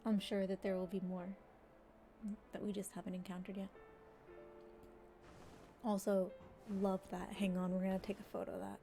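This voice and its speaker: A woman's voice: medium pitch, level tone, normal speed, pauses often, warm tone, soft background music. A woman game streamer giving blunt, sweary, chatty commentary while she plays. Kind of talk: casual gameplay commentary.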